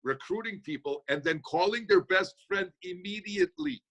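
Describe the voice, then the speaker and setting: Answering audience questions in a motivational Q&A, a man talks quickly in a folksy, energetic style. His slightly high voice sounds bright and forceful with some vocal fry, and it comes through a video call.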